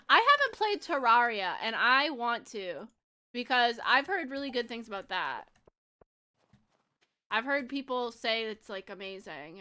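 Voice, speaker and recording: A woman's voice: fairly high pitch, bright, forceful tone. A woman in her twenties chatting casually on a gaming livestream, bubbly and giggly, rambling with lots of fillers. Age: 20s. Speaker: streamer.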